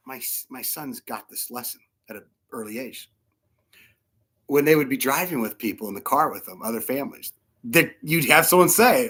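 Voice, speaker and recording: Animated, bright-voiced male pastor. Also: on the high side, unhurried, breathy edge. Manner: animated, acts out voices of people in his stories. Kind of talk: sermon.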